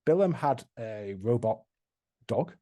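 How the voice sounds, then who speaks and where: A man's voice: mid-range voice, lively intonation, slow, dark tone. A man running a tabletop game, recapping past sessions in a rambling, casual way with many restarts. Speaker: game master.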